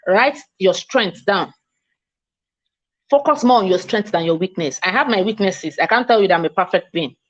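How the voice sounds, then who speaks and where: A woman from Nigeria with a Nigerian English accent, giving a fast, emphatic, self-assured online mentoring talk as a coach. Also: mid-range voice, highs cut off. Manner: speaks fast, by her own account.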